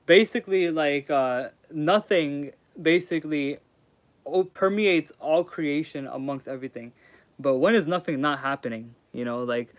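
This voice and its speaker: Young man, casual livestream chatter, slangy and rambling, fairly high pitch. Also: no echo. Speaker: streamer reading aloud.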